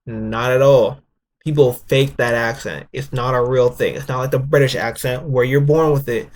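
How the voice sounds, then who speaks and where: A man from Canada giving casual reaction commentary in dry, unhurried remarks. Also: medium pitch, steady tone. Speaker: reaction host.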